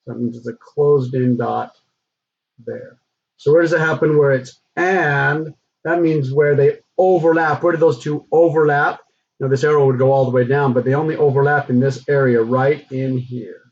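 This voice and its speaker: A male math teacher talks through a recorded lesson at a middle pitch. His voice is a little husky, and the recording has a dull, lo-fi sound. He keeps it relaxed and conversational, with plenty of fillers. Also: normal speed.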